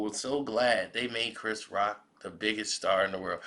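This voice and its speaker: A man giving spoken commentary in a measured, reflective way, often posing rhetorical questions. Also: on the low side, fairly even intonation, pushed and bright. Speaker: commentary vlogger.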